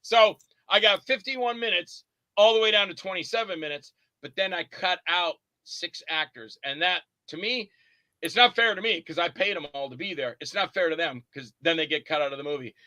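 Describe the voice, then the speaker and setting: An indie horror actor and filmmaker appears as an interview guest, telling lively anecdotes at a moderate pace in a high, very bright, forceful male voice. He acts out every person in his stories and swears freely. The sound is close and dry, without any room echo.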